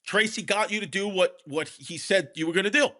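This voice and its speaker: Guy hosting a comedy pod, kinda high voice, rambles, restarts everything, full of ums. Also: brisk, bright, forceful tone. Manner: rambling storyteller, many fillers and restarts. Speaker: podcast host. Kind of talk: casual comedy podcast chat.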